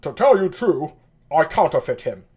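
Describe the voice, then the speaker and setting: A man's voice: on the high side, very animated, moderate pace, darkish tone, husky. A man reading an evasive, masked older nobleman in near his own voice.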